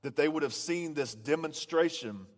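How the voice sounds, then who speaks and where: A man's voice: a little high, normal speed. A male pastor giving a sermon in a church, telling stories in a conversational way and often repeating his first words. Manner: conversational storytelling preacher, repeats starting words. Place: church auditorium. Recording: long reverb of a large hall.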